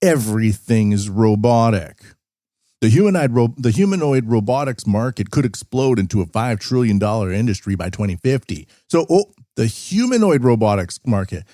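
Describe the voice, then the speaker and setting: A man's voice: medium pitch, big pitch swings, a little fast, few pauses, dark tone, dry recording, clean studio sound. A man hosting a podcast, reading news articles aloud and rambling through sarcastic asides. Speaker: podcast host. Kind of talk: casual news commentary.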